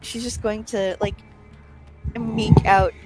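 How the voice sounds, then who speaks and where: A woman playing a vampire tabletop game, softly describing her character. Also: mid-range voice, fairly even intonation, slow, over loud music, rough recording. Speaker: player.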